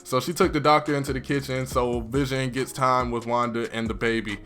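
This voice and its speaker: A man casually recapping a TV episode in an excitable, chatty way with lots of fillers. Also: medium pitch, fairly quick, faint music behind.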